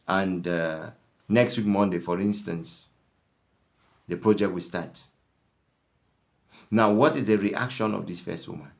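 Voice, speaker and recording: Low voiced guy lecturing about marriage, tells stories, stumbles and repeats. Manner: storytelling, repeats words, restarts. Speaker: marriage counselor. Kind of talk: lecture with acted scenarios.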